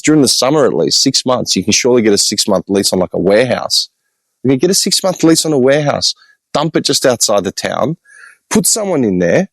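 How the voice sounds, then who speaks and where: An Australian man, a podcast host, telling stories in an animated, exasperated way with blunt swearing, in a casual walk-and-talk vlog. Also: mid-range voice, a little fast, vocal fry, dry recording, poor audio. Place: outdoor hillside cemetery with birds.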